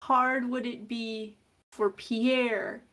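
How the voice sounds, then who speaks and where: A woman's voice: on the high side, flat delivery, very slow, a bit bright. A woman playing a tabletop game, chatting in a playful, teasing way. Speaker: player. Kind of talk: casual chat at a game table.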